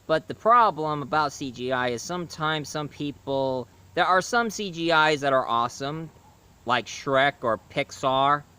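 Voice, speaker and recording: A man giving a casual video review, talking haltingly with frequent restarts and self-corrections. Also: a little high, pushed and bright, clean tone.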